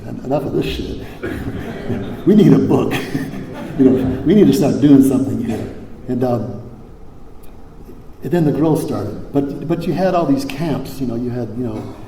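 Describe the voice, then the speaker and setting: An older man from Hawaii gives a recovery convention talk in a mellow, relaxed voice, with lots of fillers, restarts and blunt salty words. His voice rings through a large echoey hall with a long reverb tail and a faint background hum. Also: medium pitch. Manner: rambling, many fillers and restarts, salty language. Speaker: convention speaker.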